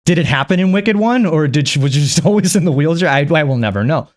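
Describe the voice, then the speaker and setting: A man's voice: fairly high pitch, animated, fast talker. A man vlogging a rambling movie recap, profane and chuckling often.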